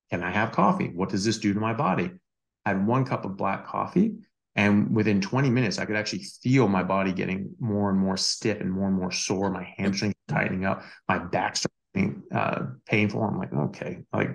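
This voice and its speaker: A man with a deep, gravelly voice tells a personal story in a relaxed, conversational way. He often restarts his sentences and fills the gaps with "you know" and "like." He sounds like a doctor chatting on a podcast. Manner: animated anecdotes with many fillers and restarts. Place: Australia.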